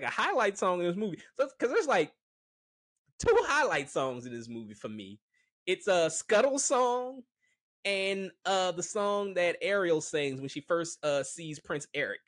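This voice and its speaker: A man's voice: a little high, a bit bright, no room sound, studio quality. A man giving a casual, rambling movie review, frank and full of fillers. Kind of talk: casual opinion monologue.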